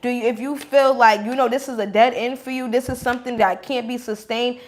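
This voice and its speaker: A woman doing a casual tarot reading, blunt and animated, laughing often as she talks. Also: on the high side, a little fast. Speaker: tarot reader.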